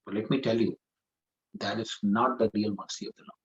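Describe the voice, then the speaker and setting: A man's voice: lowish voice, steady tone, brisk. Earnest male preacher, lo-fi sound. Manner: earnest, repeats phrases for emphasis, acts out pleading dialogue. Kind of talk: scripture class storytelling.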